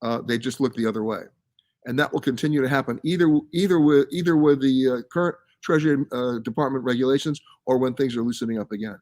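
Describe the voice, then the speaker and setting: A man's voice: mid-range voice, steady tone, fast talker, a little mellow. Chatty travel show host, man. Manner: chatty and emphatic, reads out viewer comments and answers them. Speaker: travel show host answering viewer questions. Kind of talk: casual live-stream chat. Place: live from a science center.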